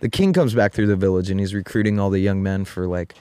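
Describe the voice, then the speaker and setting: A man with a lowish voice hosts a podcast and tells a parable in loose, casual chat. He rambles and leans on filler phrases, with some casual swearing. His voice sounds dry and close, with no room around it. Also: quick pace, dark tone, smooth, no echo. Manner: rambling, heavy on "like" and "you know", casual swearing. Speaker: podcast host.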